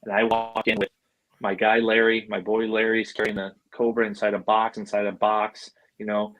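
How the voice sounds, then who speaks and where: Guy rambling thru a wild story, swears a lot, animated. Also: fairly low pitch, moderate pace, low-quality recording. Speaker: podcast guest, animal handler. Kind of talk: casual storytelling.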